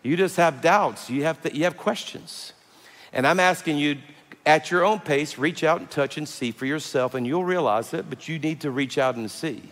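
A man, preaching a sermon as pastor, telling stories that move from loud and animated to hushed and tender. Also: a little high, moderate pace. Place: large church hall. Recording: long hall reverb with faint music.

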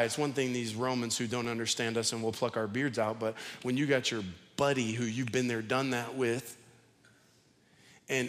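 A man's voice: mid-range voice, a bit bright. A male pastor giving a sermon in a conversational, repetitive style, acting out the people he quotes. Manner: conversational preaching, repeats words, acts out quotes. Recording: long hall reverb.

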